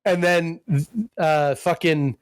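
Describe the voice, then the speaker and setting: Male podcast co-host, higher voice, rambling and profane recaps. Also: steady tone, takes it slowly, clear, resonant tone, no room sound. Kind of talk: casual chat.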